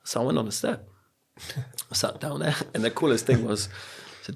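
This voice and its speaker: A mid-range voice with vocal fry and a breathy edge, at a normal speed, belongs to a middle-aged coach and speaker. He tells reflective personal stories on a podcast, sounding earnest and motivational and dramatizing the quotes he recounts.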